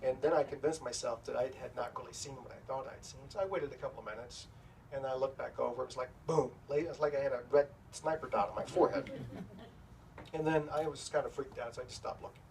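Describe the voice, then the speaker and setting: A middle-aged man spins a self-deprecating story for a crowd at a bookstore talk, his voice sitting at an ordinary pitch. He sounds a little far from the mic, with a steady hiss running under the room. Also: quick pace, vocal fry. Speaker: author speaking at a bookstore event. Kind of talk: anecdote told to a live audience. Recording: distant, noisy room recording.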